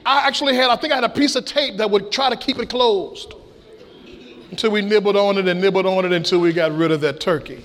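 High-voiced preaching man. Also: fast. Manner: preaching with shouted high peaks and a folksy storytelling tone. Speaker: pastor. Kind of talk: sermon.

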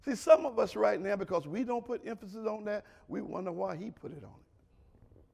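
A man preaching a sermon in a colloquial way, talking straight to the congregation and swinging between loud shouts and quiet murmurs. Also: high-pitched, lively intonation, moderate pace, gravelly, a little hiss or hum.

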